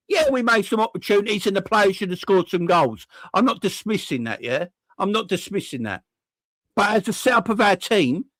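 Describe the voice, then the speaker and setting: Furious sweary football fan. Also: male voice, sits high, fairly bright tone, no room sound. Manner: furious, sweary, repeats himself, asks rhetorical questions. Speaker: football fan channel host. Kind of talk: angry fan reaction rant.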